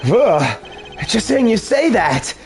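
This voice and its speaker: A man voicing an excitable, eager young male assistant who sounds easily thrilled. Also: high voice, slow pace, soft background music, voice pushed up, exaggerated voice. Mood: excited.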